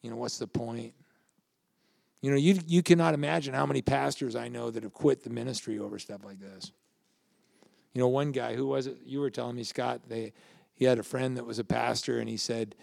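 Older male pastor, gravelly, preaches casually and asks the room questions. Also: medium pitch, fairly even intonation, brisk, a little mellow, dry recording, clean studio sound. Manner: conversational, anecdotal, asks the audience questions. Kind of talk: sermon.

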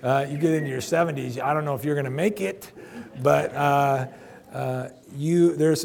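Man in his 50s, pastor, chatty emphatic sermon, gravelly voice. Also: fairly high pitch, steady tone, normal speed, a little mellow. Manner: conversational, emphatic, addresses congregation directly.

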